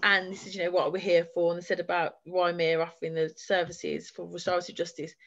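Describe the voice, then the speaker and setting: A woman's voice: lowish voice, level tone, fast, vocal fry, a bit bright, lo-fi sound. A woman giving an earnest, heartfelt personal testimony as a guest speaker at a forum, talking in long flowing runs. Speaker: guest speaker sharing her experience.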